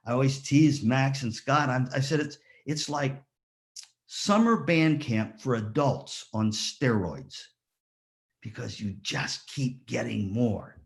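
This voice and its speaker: A man's voice: mid-range voice, takes it slowly, gravelly. A man giving a motivational speech at a graduation ceremony, telling stories and asking the audience rhetorical questions. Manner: lively storyteller, rhetorical questions, acts out quotes. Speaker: ceremony speaker.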